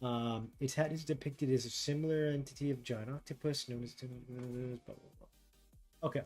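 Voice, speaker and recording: A man streaming while he draws, chatting casually with viewers, thinking out loud and reading text aloud haltingly. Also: mid-range voice, fairly even intonation, faint music behind. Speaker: art streamer. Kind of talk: casual livestream chat while drawing.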